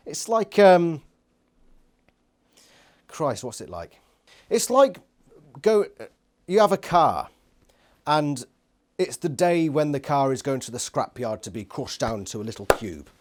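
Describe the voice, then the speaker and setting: Guy reviewing a book, swears a lot, sarcastic, voice jumps all over, bit high. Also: sing-song, slow, pauses often. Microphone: phone nearby.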